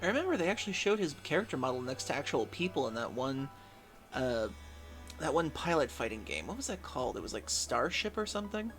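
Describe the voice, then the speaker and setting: A man's voice: on the high side, sing-song, brisk, fairly bright tone. A man chatting casually while playing a game on stream, rambling and chatty, over game music. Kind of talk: casual let's-play chat.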